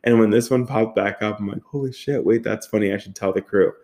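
A man's voice: on the low side, flat delivery, a little fast, darkish tone. A man in his thirties hosting a podcast, telling a college story in a loose, rambling way, swearing and laughing often. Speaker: podcast host. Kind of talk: casual storytelling monologue.

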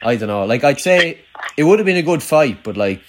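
A man's voice: fairly high pitch, big pitch swings, brisk, noisy background. Rambling sweary young Irish man. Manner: rambling, sweary, self-mocking storytelling. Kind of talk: casual banter with an old schoolmate.

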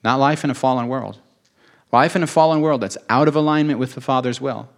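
A man's voice: medium pitch, brisk, vocal fry. A man preaching a sermon, earnest and emotional, repeating phrases for emphasis.

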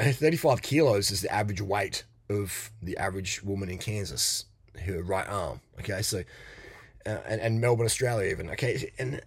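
A man's voice: lowish voice, slightly rough, no room sound. A man hosting a podcast, talking in a blunt, crude, rambling monologue. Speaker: podcast host. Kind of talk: casual monologue.

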